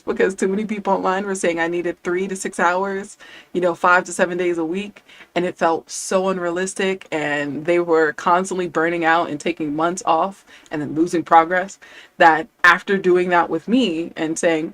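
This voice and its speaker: A woman's voice: lowish voice, steady tone, normal speed, fairly bright tone, no echo. A woman talking as a language coach in a casual live stream, chatty and enthusiastic, often quoting her students.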